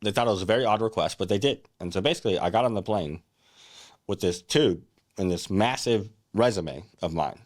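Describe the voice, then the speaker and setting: Deep-voiced young man telling his story. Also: fairly quick. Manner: earnest and reflective, with many restarts and fillers like "like" and "right?". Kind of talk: casual first-person storytelling, read from a teleprompter.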